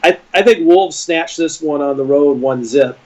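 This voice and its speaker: A man co-hosting a casual football prediction chat, measured and using fillers. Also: a little high, darkish tone. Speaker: podcast co-host. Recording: dull lo-fi sound.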